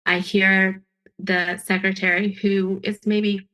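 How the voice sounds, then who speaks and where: A woman's voice: medium pitch, little pitch movement, slow pace, pushed and bright, rough recording. A woman telling her own story as a guest, earnest and emphatic, often restarting her sentences. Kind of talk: personal storytelling.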